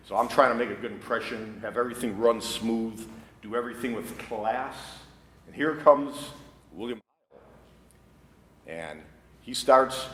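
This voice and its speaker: A man in his sixties, a wrestling coach and educator, giving an animated storytelling speech to a school faculty and laughing at his own anecdotes. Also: mid-range voice. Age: 60s. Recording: echoey room, faint background noise.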